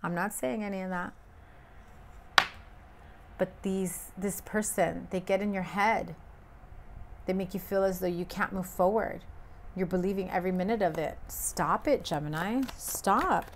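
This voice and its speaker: A woman's voice: medium pitch, a little hiss or hum. A woman giving a casual tarot reading, talking bluntly and emphatically with frequent swearing. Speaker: tarot reader.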